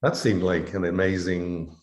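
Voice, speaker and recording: This is a middle-aged man with an English accent and a very low voice. He speaks in a loose, rambling way, full of "you know" and restarts, as a guest in a casual interview. The sound carries noticeable room echo. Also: fairly even intonation, unhurried, crowd noise. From England. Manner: rambling, many fillers and restarts. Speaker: interview guest, biochemistry professor. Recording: echoey room.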